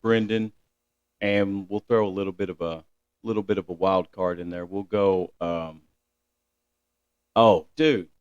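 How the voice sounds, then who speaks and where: A man's voice: low voice, fairly even intonation, unhurried, pauses often, a little mellow, clean tone, dry recording, muffled recording. A man guesting on a podcast, laid-back and slangy, often calling people dude. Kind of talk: casual podcast chat.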